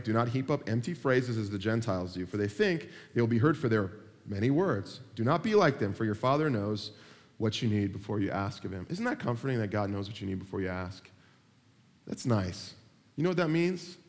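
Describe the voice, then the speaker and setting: A man preaching a sermon, joking with his listeners and acting out the people he talks about. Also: mid-range voice. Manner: animated, joking, acts out people he mentions. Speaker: pastor. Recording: long hall reverb.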